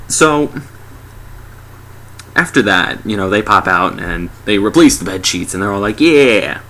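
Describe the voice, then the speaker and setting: A man's voice: sits low, fairly quick, sharp tone, a little hiss or hum. A sarcastic young man giving a casual, mocking movie review.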